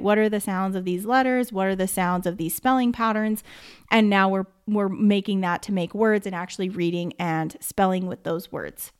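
A young adult American woman, a former teacher, explaining how children learn to read, often sounding out words slowly. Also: mid-range voice, clean tone. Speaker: podcast host and former teacher. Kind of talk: explaining reading instruction.

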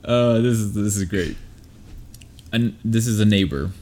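Chill young dude reading stuff out on a podcast, low voice, trips over words. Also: male voice, unhurried, mellow. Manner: laid-back, stumbles while reading. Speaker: podcast co-host. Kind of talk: casual chat, reading articles aloud.

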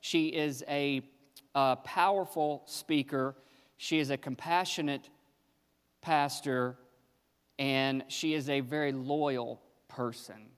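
A man, the church's pastor, introducing a guest speaker with warm praise from the pulpit. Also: medium pitch, steady tone, takes it slowly, smooth. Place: church sanctuary. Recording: long reverb from a hall.

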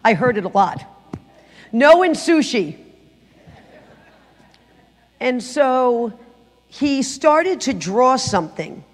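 A middle-aged woman sharing her personal testimony in church, telling the story with lively acted-out quotes. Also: on the high side, takes it slowly, long pauses, in a large hall. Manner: animated storytelling, acting out quotes. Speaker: guest speaker giving testimony. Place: church sanctuary.

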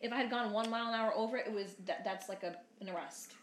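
A woman's voice: fairly high pitch, fast talker, echoey room, slight background noise. A woman, cohosting a casual chat and telling stories that act out what people said, swearing freely. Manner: swears freely, acts out quotes. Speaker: podcast co-host.

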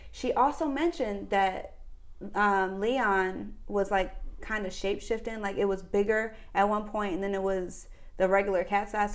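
A woman hosting a podcast in casual, teasing chat, laughing often. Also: mid-range voice. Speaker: podcast host.

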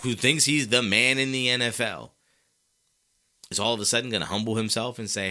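A man's voice: medium pitch, brisk, sharp tone. A man hosting a sports talk show, ranting and fired up, hammering his points with emphatic repetition. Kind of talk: opinionated sports commentary.

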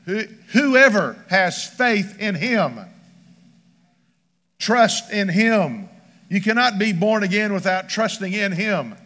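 A man's voice: high voice, animated, slow, a bit bright. A man preaching a sermon as pastor, emphatic and rhythmic, reading scripture aloud. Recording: long church hall reverb.

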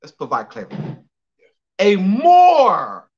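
A man's voice: high voice, huge pitch swings, takes it slowly, darkish tone, dull audio. A man giving an emphatic lecture on a call, repeating phrases for clarity and spelling out names letter by letter. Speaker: guest speaker.

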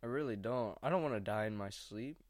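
A man's voice: fairly low pitch, brisk, no room sound. Slangy young man rambling at home. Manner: rambling, slangy, anxious musing. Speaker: vlogger. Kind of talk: casual rambling monologue. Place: at home on a couch. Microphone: microphone at a mixing board.

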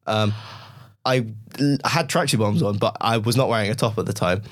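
A man's voice: fairly low pitch, fairly quick. A man, co-hosting a podcast in casual chat and telling self-deprecating stories. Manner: rambling storyteller, self-deprecating, acts out his own reactions. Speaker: podcast co-host.

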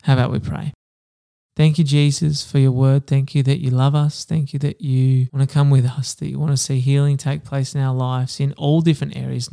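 A man hosting a Bible reading podcast, reading scripture aloud and then reflecting earnestly, sometimes halting as he speaks off the cuff. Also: mid-range voice, gravelly, warm tone, smooth.

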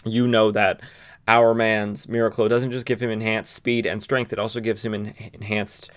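A man hosting a podcast, recapping a comic book in a relaxed, casual way with frequent fillers and asides. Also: fairly low pitch, normal speed, clean tone. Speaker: podcast host.

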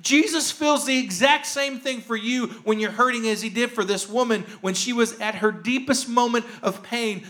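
A male pastor preaching a sermon with earnest emphasis, repeating key phrases and sinking to a soft hush on tender lines. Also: very high-pitched, normal speed, few pauses. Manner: jokes lightly with the congregation.

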